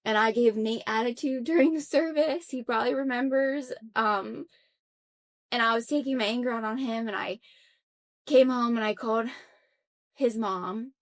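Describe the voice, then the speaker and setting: A woman's voice: fairly high pitch, normal speed. A young adult woman, a podcast guest, earnestly telling a personal story in conversation, reflective and full of fillers and restarts. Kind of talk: conversational interview.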